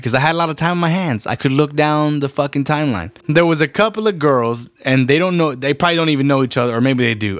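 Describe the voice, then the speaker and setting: A man's voice: on the high side, dry recording. A young man from ranting bluntly and profanely in casual chat, telling stories with lots of energy. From Rio Grande Valley, Texas. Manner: blunt, profane, animated storytelling. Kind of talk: casual rant to camera.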